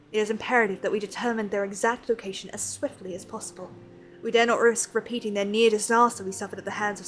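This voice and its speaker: A woman's voice: mid-range voice, natural voice. A woman reading aloud the lines of a formal fantasy scholar from a video game. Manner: reads archaic game dialogue aloud.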